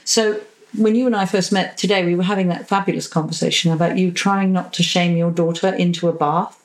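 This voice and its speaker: A woman therapist talking in a podcast interview, animated, acting out quoted voices and swearing casually. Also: fairly low pitch, a little fast, poor audio. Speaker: psychosexual and relationship therapist, podcast guest.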